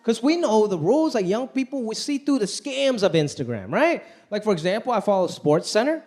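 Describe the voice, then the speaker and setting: A man performing a stand-up comedy routine on stage, animated and putting on voices for the people in his stories. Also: sits high, a little fast. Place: stage before a laughing audience. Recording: live show with crowd laughter.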